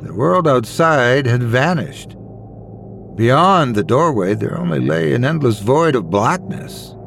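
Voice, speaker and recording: Male horror storyteller, mid pitch, very expressive delivery, soft music bed. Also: takes it slowly, vocal fry, a little hiss or hum. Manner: dramatic, expressive.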